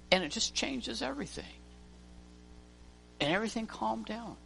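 A man's voice: high voice, expressive, normal speed, vocal fry, pauses often, bright, forceful tone. A man preaching a sermon in a church, telling stories and acting out the voices of the people in them. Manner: storytelling preacher, acts out voices. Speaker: pastor. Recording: long reverb of a church hall, faint music.

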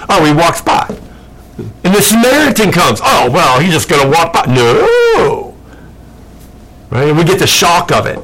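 A male Bible teacher giving a casual classroom lecture. His voice sits a bit high and swings widely as he tosses out rhetorical questions and fillers. He sounds lively and conversational. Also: a little slow, rough recording.

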